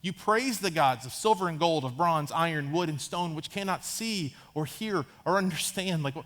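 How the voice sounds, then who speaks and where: In a church sanctuary, a pastor in his thirties preaches conversationally, acting out Bible characters in casual asides. His voice is fairly high, animated, and a bit bright, at normal speed.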